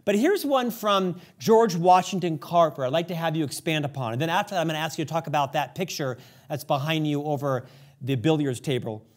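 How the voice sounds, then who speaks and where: High-voiced male interviewer reading quotes. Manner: measured, reads quotes aloud carefully. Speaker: host, interviewer.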